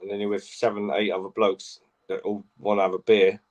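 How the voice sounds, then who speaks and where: A man's voice: fairly low pitch, completely flat delivery, brisk, muffled recording. A man co-hosting a casual chat, rambling and often asking "do you know what I mean". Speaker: co-host.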